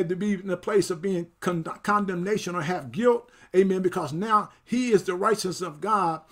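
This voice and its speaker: A man preaching a sermon as pastor, reading scripture and breaking in with amens and praise, getting excited as he goes. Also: high voice. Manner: excitable, picks up speed then slows for scripture.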